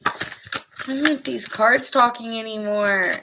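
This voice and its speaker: Unhurried woman reading tarot cards. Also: a little high. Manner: chatty, talks to viewers by name between cards. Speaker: tarot reader. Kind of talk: casual live tarot reading. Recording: steady background noise.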